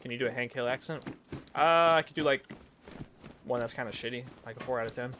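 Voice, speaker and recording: Against a noisy background, a man streams a role-play game and chats casually, rambling in a self-deprecating way and often mumbling. His medium-pitched voice moves at a quick pace and sounds pushed and bright.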